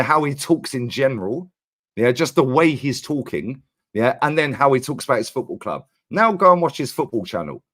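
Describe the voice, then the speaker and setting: A Londoner in a heated football debate, talking over the other side. His pitch moves a lot as he presses his point. He leans on slang and quick repeats. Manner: forceful, interrupts, repeats words and slang. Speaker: guest Arsenal fan.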